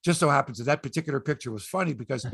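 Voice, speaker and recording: A man hosting a sports podcast, talking casually and bluntly, swearing freely and breaking into animated rants. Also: medium pitch, rapid-fire, creaky, breathy edge, dry recording.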